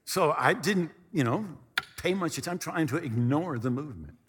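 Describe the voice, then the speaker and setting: Animated preacher in a reverberant hall. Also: male voice, on the high side, moderate pace, a little hiss or hum. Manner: animated, repetitive, shifts from comic to earnest. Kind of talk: storytelling sermon. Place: church hall at a podium.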